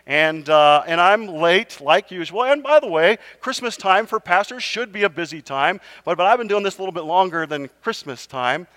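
A middle-aged man preaching a sermon in a slightly high voice. He tells stories with lively swings in pitch, pokes fun at himself and keeps asking the congregation "right?". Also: moderate pace, hardly any pauses, big-room sound. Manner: animated, self-mocking, talks to the crowd with repeated "right?". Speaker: pastor. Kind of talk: storytelling sermon.

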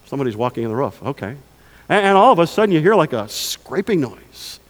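A pastor preaching a sermon in a lively, conversational way, asking the congregation rhetorical questions. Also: male voice, a little high, fast, long reverb tail.

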